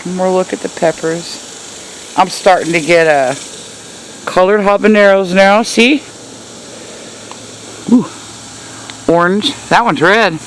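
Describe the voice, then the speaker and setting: A woman's voice: fairly low pitch, takes it slowly, long pauses, slight background noise, rough recording. A woman giving a casual, chatty tour of her backyard garden in the heat, hot and sweaty and laughing at herself. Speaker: gardening vlogger.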